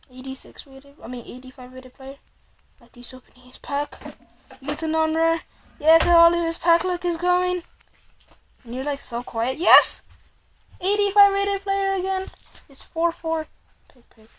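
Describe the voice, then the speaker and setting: A high, bright-sounding woman calls out a pack-opening game in loose, casual commentary. She is excitable and swears freely, needling her opponent as she goes. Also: a little hiss or hum, poor audio. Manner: excitable, swears a lot, teases the other player. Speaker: player and commentator. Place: room at home, Android phone game.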